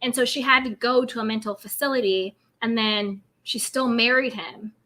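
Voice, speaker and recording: An animated woman hosts a live recap stream, reading viewer comments and dishing gossip while she keeps calling every claim alleged. Her voice sits a little high and comes across bright and forceful. She talks with an easy, chatty looseness. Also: normal speed. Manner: animated, laughs often.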